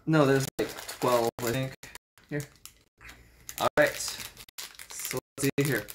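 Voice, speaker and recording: A woman with a strikingly deep voice hosts a casual taste-test vlog. She rambles in a jokey, chatty way, often restarting her sentences. A faint hiss sits under the recording. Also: fairly even intonation, takes it slowly. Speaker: vlogger.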